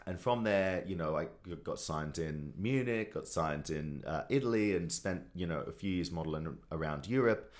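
Low-voiced Australian man telling stories. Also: moderate pace, hardly any pauses. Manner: animated storyteller, self-deprecating, many fillers. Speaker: TV host and sportscaster, podcast guest. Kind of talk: casual interview chat.

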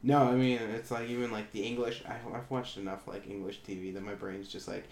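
A man's voice: on the low side, little pitch movement, a little fast, vocal fry, a little mellow. Rambling, hesitant man. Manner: rambling, hesitant, many restarts. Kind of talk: casual chat. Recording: echoey room with faint noise.

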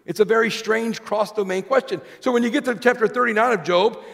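Male preacher, high and gravelly, sermon delivery in a reverberant church hall. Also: fairly quick, few pauses, a bit bright. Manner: reads scripture aloud, asks the congregation questions.

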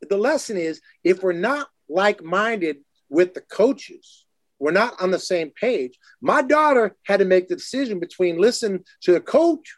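A man hosting a casual chat, telling youth sports stories and acting out quotes in lively voices. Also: no echo, studio quality. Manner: animated, acts out quotes in lively higher voices.

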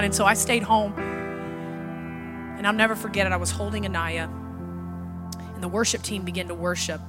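A woman pastor preaching a sermon with strong rising emphasis, growing soft and tender when she tells a personal story. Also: mid-range voice, fast talker, over music.

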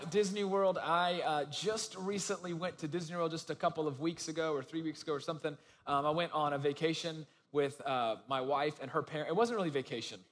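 A young man with a high voice preaches in a relaxed, chatty way, dropping "you know" asides into his story. His voice carries a long reverb from the large hall around him. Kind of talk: casual sermon.

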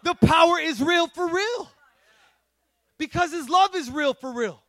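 A man preaching an energetic sermon in a fervent, slangy way, shouting at the peaks. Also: very high voice, a little slow, no echo.

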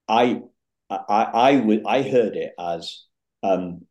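A man hosting a podcast, reflecting back on what his guest said in a hesitant, halting way. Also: fairly low pitch, darkish tone. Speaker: podcast host. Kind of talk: conversational interview. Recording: echoey room.

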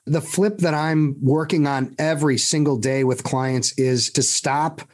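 A man hosting a podcast interview, talking in an energetic, storytelling way with many fillers and restarts. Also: a little high, measured pace. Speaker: podcast host. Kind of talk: casual interview.

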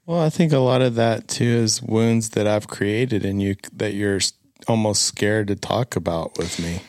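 A man on a candid chat podcast, speaking in a gentle, reassuring, lightly joking way. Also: lowish voice, moderate pace, no echo, studio quality.

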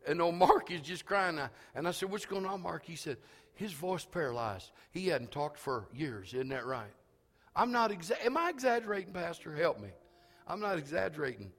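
A man's voice: animated, normal speed. Man preaching in echoing church. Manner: builds from low storytelling to shouted preaching; calls out to congregation for agreement. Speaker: pastor. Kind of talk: sermon. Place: church sanctuary.

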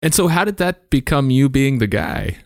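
A man's voice: medium pitch, sing-song, moderate pace, no echo, studio quality. A man hosting a podcast, asking curious follow-up questions. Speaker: podcast host. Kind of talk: interview questions.

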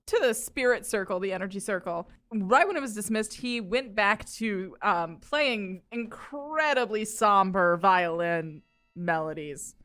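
A woman running a tabletop game, loose and giggly, swearing freely. Her voice is bright. Faint violin music plays behind her. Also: medium pitch. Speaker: game master.

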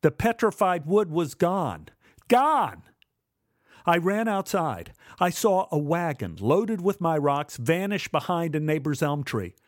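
A man telling a first-person memoir story in a measured, dramatic way. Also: on the high side, lively intonation, no room sound, clean studio sound. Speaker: narrator.

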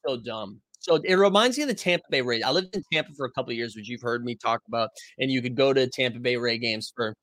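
A man hosting a casual sports talk stream, animated and rambling, who swears freely and reads from the chat. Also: mid-range voice, quick pace, hardly any pauses, dry recording. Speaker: podcast host reading chat.

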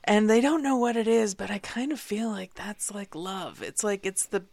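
A middle-aged woman co-hosting a relaxed talk, thoughtful and searching for her words. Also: medium pitch, normal speed, vocal fry, no room sound. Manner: thoughtful, searching, many fillers. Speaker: podcast co-host. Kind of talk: casual conversation.

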